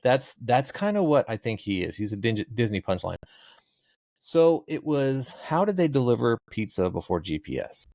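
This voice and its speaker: A man's voice: medium pitch, sing-song, normal speed, a little mellow, no echo. A middle-aged man, a podcast guest, telling rambling stories with dry, laid-back jokes. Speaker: guest, social media comedian. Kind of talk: casual interview chat.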